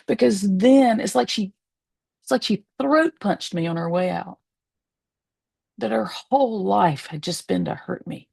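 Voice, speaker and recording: A woman, a medium and spiritualist, telling a personal story to the camera from her home, candid and emotional, pausing and laughing softly. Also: mid-range voice, gravelly, breathy edge, no room sound. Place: at home, seated in a rocking chair.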